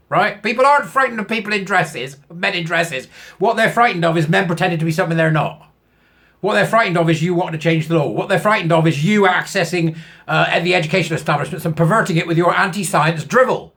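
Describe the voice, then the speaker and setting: A man's voice: high voice, fairly bright tone. A man, reading out a news article and mocking it sarcastically, laughing often at his own jokes. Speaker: commentary channel host.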